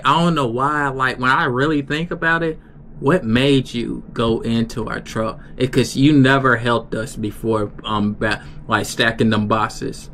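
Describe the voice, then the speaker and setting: A young man on a live stream tells a story casually, with a mid-range voice. He rambles and restarts often. A faint steady noise sits behind him. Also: medium pitch, a little slow. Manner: rambling, many restarts and fillers. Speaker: livestreamer.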